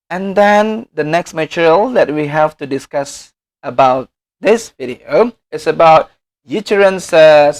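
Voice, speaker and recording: A man with an Indonesian accent, whose first language is Indonesian, giving a recorded lecture as a teacher, explaining step by step with examples and often correcting himself. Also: a little high.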